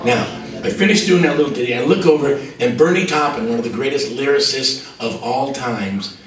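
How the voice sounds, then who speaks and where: A man, a musician, telling a lively anecdote and acting out other people's voices. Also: medium pitch, fairly quick, reverberant, far from the mic, soft background music, rough recording. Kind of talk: anecdotal storytelling.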